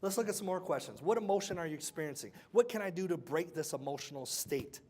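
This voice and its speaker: Young guy running a motivational workshop, kinda high voice, keeps asking the crowd questions. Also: expressive, fast talker, a little mellow, breathy edge. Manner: quizzes the audience with call-and-response questions. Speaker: workshop speaker.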